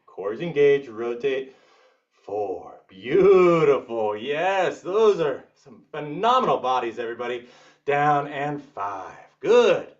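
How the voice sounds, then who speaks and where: A man's voice: big pitch swings, slow pace, far from the mic, muffled recording. Upbeat man coaching a workout class. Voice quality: bursts of high whoops. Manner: upbeat coaching, counting reps, joking with the class. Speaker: fitness instructor.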